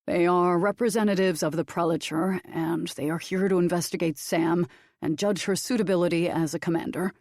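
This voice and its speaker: A defeated male vampire who speaks reluctantly, as a woman voices him for an audiobook. His tone is subdued and low. The recording is dry and close. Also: steady tone, moderate pace, darkish tone, no echo, close to an everyday voice.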